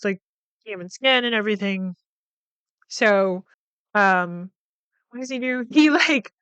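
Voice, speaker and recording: A woman's voice: mid-range voice, a bit bright, smooth, no room sound. A woman hosting a podcast, recapping a film in a casual, chatty way, full of "like" fillers and freely swearing. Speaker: podcast host.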